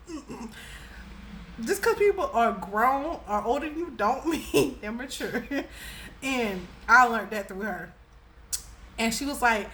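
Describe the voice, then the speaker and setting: Animated, laughing young woman telling a story. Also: unhurried, a little hiss or hum. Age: young adult. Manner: animated and laughing, with dramatic pitch jumps. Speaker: storyteller, vlogger. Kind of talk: casual storytime vlog.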